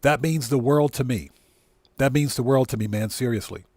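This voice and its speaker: A man's voice: mid-range voice, moderate pace, no room sound. Laid-back man hosting a game stream. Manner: relaxed, rambling, greets chat viewers by name. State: choked up. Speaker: livestream host. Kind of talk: casual gaming livestream chat.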